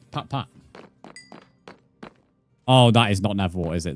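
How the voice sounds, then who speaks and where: A man's voice: on the low side, unhurried, soft background music. A man in his twenties, streaming a game live and chatting casually with viewers, swearing often. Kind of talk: casual live gameplay commentary.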